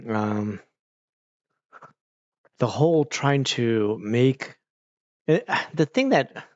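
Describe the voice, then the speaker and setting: A man's voice: medium pitch, animated, extremely slow, darkish tone, dry recording, dull audio. A man chatting casually on a home livestream, rambling and swearing a lot, with many "like"s and restarts. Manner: rambling, profane, full of "like" and restarts. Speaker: streamer chatting with viewers. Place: at home on a couch with a pet nearby.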